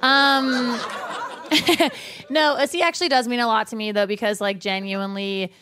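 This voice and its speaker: A woman guest with a fairly high voice jokes playfully on a live show. She laughs often and mocks herself, with clear noise audible behind her. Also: fairly even intonation, a little slow. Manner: giggly, playful, self-mocking. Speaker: guest comedian. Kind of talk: live comedy bit. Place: stage before a live audience.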